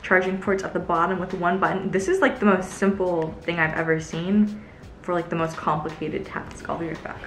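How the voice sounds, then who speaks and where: A woman's voice: on the low side, level tone, normal speed, a bit bright, reverberant. A young woman vlogging casually as she tests a gadget, chatty and easily grossed out. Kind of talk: casual product-testing vlog.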